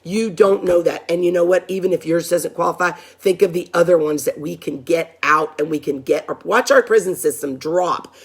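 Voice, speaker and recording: A woman's voice: lowish voice, moderate pace, hardly any pauses, breathy edge. A woman advocate hosting a live stream, speaking in an urgent, fired-up way as she repeats herself and rallies her viewers as "you guys".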